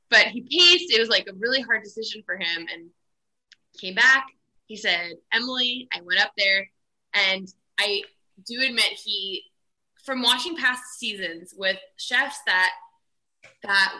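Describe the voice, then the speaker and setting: A young woman being interviewed about her time as a contestant, speaking in a very bright, forceful voice. She tells her story in a chatty, animated way with many fillers and asides. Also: medium pitch, rough recording. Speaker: guest, former reality cooking contestant. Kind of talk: casual interview chat.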